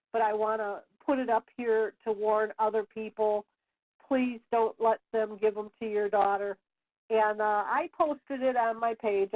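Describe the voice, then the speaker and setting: Middle aged lady ranting on her radio show, kinda high voice, sounds like a tinny phone line. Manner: emphatic, rambling with many fillers and restarts. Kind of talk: solo rant on internet radio.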